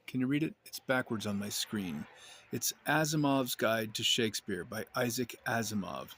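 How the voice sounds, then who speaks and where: A man's voice: medium pitch, normal speed, a bit bright, a little hiss or hum. A man talking casually to his camera at home, rambling and wry, often breaking off mid-sentence. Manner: rambling, self-interrupting, wry. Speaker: vlogger. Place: indoors, at home.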